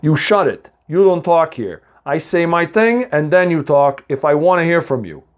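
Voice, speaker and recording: A man acting out a pint-sized male leprechaun with a tinny voice and a mob boss's swagger. He snaps out sarcastic put-downs and orders with a bouncy, lively pitch. The recording is dull and lo-fi. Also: normal speed, natural voice. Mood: menacing. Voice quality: tinny, small voice. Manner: snappy, sarcastic, bossy.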